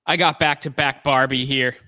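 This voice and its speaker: A man's voice: medium pitch, steady tone, moderate pace, bright, forceful tone, no echo, clean studio sound. A man co-hosting a casual movie podcast, talking in a laid-back, joking way. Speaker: podcast co-host. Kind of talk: casual chat.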